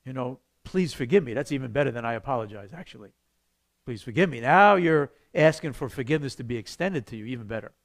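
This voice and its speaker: A man, a pastor, teaching a church evangelism class in a conversational, animated way, acting out the voices he quotes. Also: mid-range voice, fast talker.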